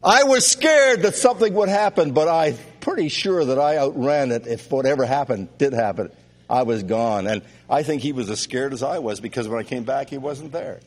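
Loud, animated man preaching in a hall. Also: medium pitch, normal speed. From Canada. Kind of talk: sermon. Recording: long reverb of a hall.

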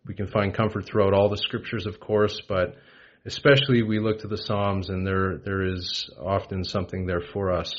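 A man preaching a gentle devotional Bible talk, unhurried, with frequent pauses and fillers. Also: deep voice, level tone. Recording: dull lo-fi recording.

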